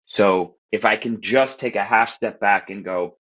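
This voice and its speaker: Podcast guest, a man from Queens, New York, telling lively casual stories in a slightly low voice, muffled sound. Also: a little slow, hardly any pauses, breathy edge. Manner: animated, profane, acts out quoted voices. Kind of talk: casual storytelling chat.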